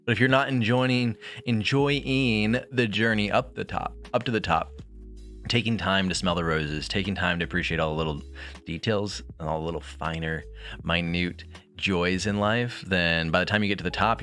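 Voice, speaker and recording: A man's voice: deep voice, steady tone, normal speed, fairly bright tone, faint music behind. A man streaming from his bedroom, chatting reflectively with viewers and reading a book aloud in a rambling, casual way.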